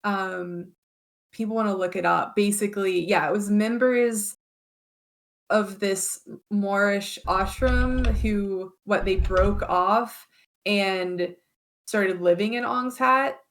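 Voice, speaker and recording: Woman co-host: slow, gravelly, hesitant, laughing. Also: mid-range voice, steady tone. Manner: hesitant, laughs often, many fillers. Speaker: podcast co-host. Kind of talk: casual chat.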